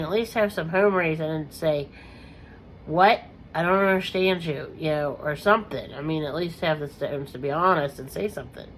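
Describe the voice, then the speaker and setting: A woman vlogging in a casual, rambling way, with many fillers, who keeps clearing her throat through a coughing fit. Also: fairly low pitch, slight background noise, rough recording. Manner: chatty, lots of "you know" fillers, frequent throat clearing.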